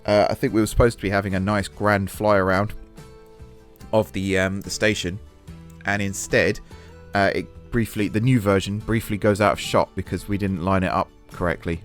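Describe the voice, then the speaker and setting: A man's voice: on the low side, fairly even intonation, moderate pace, faint music behind. Chatty man narrating a building game. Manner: chatty, thinking aloud while building; self-deprecating about mistakes. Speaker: gaming channel host. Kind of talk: casual let's-play commentary.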